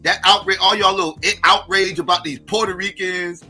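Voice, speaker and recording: Middle-aged male stream host, profane combative rant, sharp bright tone, faint music underneath. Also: high-pitched, fairly even intonation, a little fast. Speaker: livestream host. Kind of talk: heated livestream rant.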